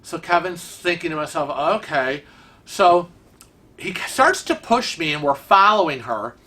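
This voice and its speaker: Male vlog host, animated storyteller, slightly raised pitch, tense bright tone. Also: normal speed. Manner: chatty, animated, acts out quoted dialogue. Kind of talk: casual storytelling.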